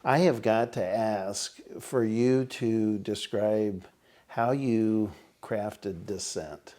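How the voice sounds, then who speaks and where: A man's voice: fairly low pitch, extremely slow, warm tone. A man hosting a podcast interview, eagerly asking about a poem he admires. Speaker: podcast host.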